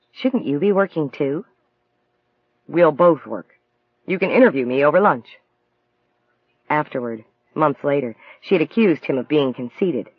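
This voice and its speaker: A man narrating a novel as an audiobook in an even, measured storytelling manner. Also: a little high, dry recording, muffled recording.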